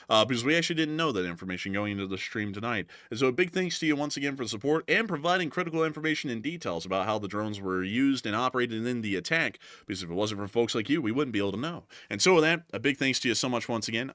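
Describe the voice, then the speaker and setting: Bright-voiced young man hosting a stream. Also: mid-range voice, animated, quick pace, hardly any pauses, no room sound, studio quality. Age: 20s. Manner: earnest, repetitive thank-yous, lots of fillers. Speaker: news channel co-host. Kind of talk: livestream chat, reading super chats.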